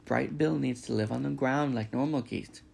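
A man's voice: medium pitch, creaky, darkish tone, a little hiss or hum. A man reading a storybook, voicing a bossy, protective female goose. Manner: brisk, firm advice-giving.

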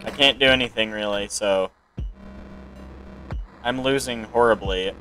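A man playing a card game on his channel and thinking out loud, with sudden excited outbursts between calm remarks. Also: fairly low pitch, unhurried, faint music behind, low-quality recording. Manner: excitable reactions and self-talk. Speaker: gaming channel host. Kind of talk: let's play commentary.

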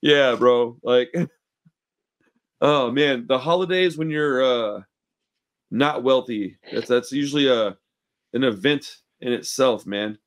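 A man's voice: medium pitch, slow pace, long pauses. A man hosting a punk podcast, talking casually in slang and swearing as he tells stories. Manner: swearing, slangy, laughs while telling stories. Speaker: podcast host. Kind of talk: casual chat.

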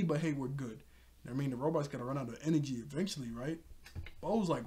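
A man's voice: mid-range voice, fast talker, dark tone. A man recapping a cartoon episode in a loose, rambling way, full of fillers like "like" and "you know", often chuckling. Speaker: TV show reviewer.

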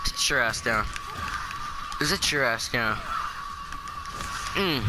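A man giving profane, raging commentary on his own fighting-game match, trash-talking and shouting at the screen. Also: mid-range voice, lively intonation, slow pace, pauses often, over loud music, low-quality recording. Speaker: gaming channel host. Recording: loud background noise.

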